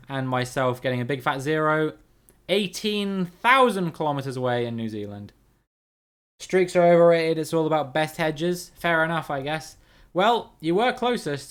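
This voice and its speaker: A man with a slightly high voice hosts a relaxed live stream, talking straight to his chat. He is upbeat and quick to laugh. He swears casually as he thinks out loud about his guesses. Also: smooth. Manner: chatty, reads out viewer names, swears casually. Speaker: streamer playing a geography guessing game with chat.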